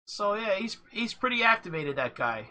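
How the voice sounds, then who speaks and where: A livestream host giving casual live commentary on video clips, halting and full of fillers. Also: mid-range voice, big pitch swings, pushed and bright. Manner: halting, with many fillers and restarts.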